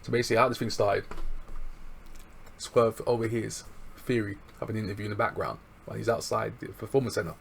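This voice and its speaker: Gravelly low-voiced man, excitable. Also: fairly quick, slight background noise. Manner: excitable, slangy, chuckling. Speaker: wrestling show reviewer. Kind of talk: casual recap chat.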